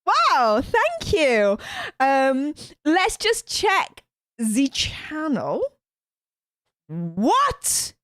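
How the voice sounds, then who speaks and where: Gushing high-voiced woman streamer. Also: extremely slow, no room sound, studio quality. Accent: Northern English. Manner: gushing, excitable, many fillers. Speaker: livestream host. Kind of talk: live reaction stream chat.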